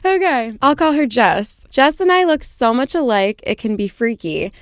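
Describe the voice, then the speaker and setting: Young woman podcast co-host, giggly storyteller, smooth clear voice, dry close mic. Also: on the high side, big pitch swings, moderate pace, no echo. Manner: giggly, stumbles over words and laughs at herself. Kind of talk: casual chat and reading stories aloud.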